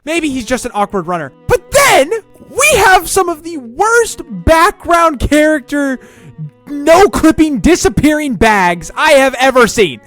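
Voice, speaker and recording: Animated, stammering video commentator. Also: high voice. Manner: excitable, stammering, full of rhetorical questions.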